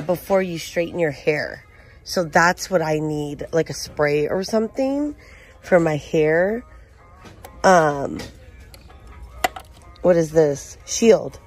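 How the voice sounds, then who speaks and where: A shopping vlogger walks through a large retail store, chatting casually as she reads out prices and product labels. Her voice sits on the low side with a darkish tone.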